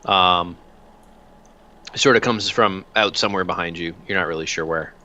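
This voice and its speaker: A man narrating a tabletop game as game master, relaxed and full of filler sounds. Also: low-pitched, normal speed, muffled recording.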